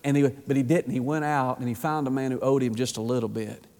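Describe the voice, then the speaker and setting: Fervent preacher in a reverberant hall. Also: male voice, fairly quick. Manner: fervent preaching, acts out voices, rises to high excited pitch. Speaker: pastor. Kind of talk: sermon. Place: church sanctuary.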